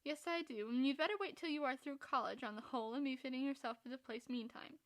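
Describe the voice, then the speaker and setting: A woman voicing a frank, spirited young woman who scolds in a brisk, reproving way. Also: sits high, a bit bright.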